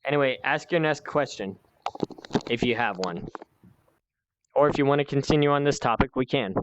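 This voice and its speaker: A man's voice: mid-range voice, moderate pace, highs cut off, a little hiss or hum. A man hosting a heated one-on-one conversation, lecturing in a repetitive, escalating way and swearing now and then. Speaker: channel host.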